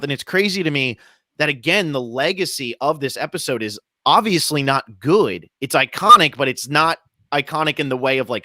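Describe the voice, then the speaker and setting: A man's voice: on the high side, fairly bright tone, no echo, studio quality. A man co-hosting a podcast, thinking aloud as he builds an argument in casual chat. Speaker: podcast co-host.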